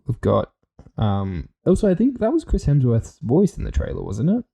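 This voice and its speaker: Mellow-voiced man asking questions. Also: medium pitch, wildly swooping pitch, normal speed, gravelly, husky. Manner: curious, asks questions, points things out. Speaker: podcast co-host. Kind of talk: casual chat.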